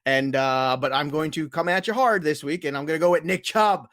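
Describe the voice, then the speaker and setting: A man's voice: fairly high pitch, fairly quick, fairly bright tone, dry recording, clean studio sound. A man hosting a fantasy football podcast, chatting casually and hyping his picks. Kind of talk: casual sports talk.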